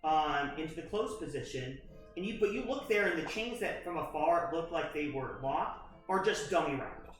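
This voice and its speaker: A man's voice: on the high side, expressive, fairly bright tone, distant mic. A man narrating a tabletop horror game as its game master. He stumbles and restarts often, stacking fillers as he describes the scene. His voice rings in a very echoey room with faint music underneath. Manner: halting, full of fillers and restarts.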